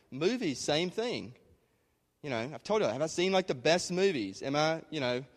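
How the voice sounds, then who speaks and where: Pastor, male, slightly high voice, emphatic, asks rhetorical questions, reverberant sanctuary. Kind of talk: conversational sermon. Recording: long hall reverb.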